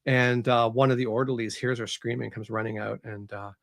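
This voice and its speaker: A man, an author who is a guest on an interview show, retells his story in an easy, conversational way. He tells it with animated energy and slips into voices for the characters as he goes. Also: mid-range voice, brisk, vocal fry.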